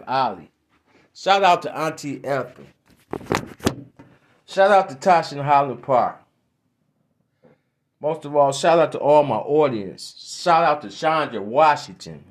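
A man hosting a podcast, telling jokes and rambling casually with lots of swearing and laughter. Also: fairly high pitch. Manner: rambling, profane, laughs often. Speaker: podcast host. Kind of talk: casual joke-telling and chat.

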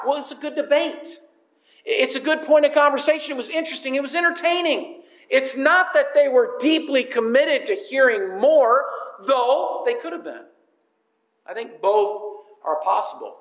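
A male pastor delivers a sermon in a fairly high voice, earnest and emphatic. He drives his points home by repeating his questions. His voice rings out with a long reverb, as in a church hall. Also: lively intonation, a little slow.

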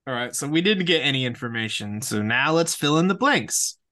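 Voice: medium pitch, lively intonation, brisk, pushed and bright. A podcast co-host who recaps TV scenes step by step, then banters with a sibling co-host. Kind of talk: casual recap chat.

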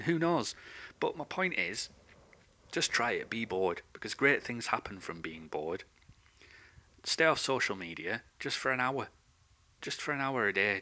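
A man's voice: on the low side, bright, forceful tone. A man who hosts a podcast, delivering an unscripted, angry rant full of swearing. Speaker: podcast host. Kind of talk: unscripted ranting monologue.

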